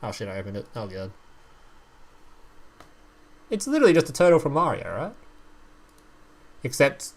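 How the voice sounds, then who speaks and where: A man chatting on a live stream while reviewing game cards. His pitch swings up and down all the time, and he reads card text between casual, profane asides. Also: normal speed, pauses often. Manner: animated, swearing, laughing, reading card text aloud.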